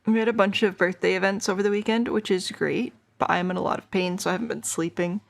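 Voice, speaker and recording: A tired woman with a hoarse voice, chatting casually to her viewers as a streamer while she plays a game and thinks aloud. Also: mid-range voice, fairly even intonation, quick pace. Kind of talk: casual gameplay chat.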